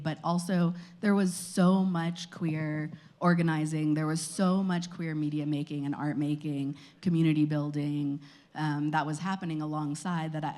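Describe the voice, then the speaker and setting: A woman on a panel, making a measured and thoughtful counterpoint. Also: low voice, mellow. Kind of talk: panel discussion.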